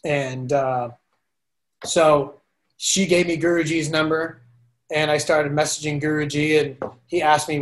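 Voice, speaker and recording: A man talking as a podcast guest, telling a personal story in a lively, animated way, often restarting his sentences. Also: on the high side, unhurried. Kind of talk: casual storytelling interview.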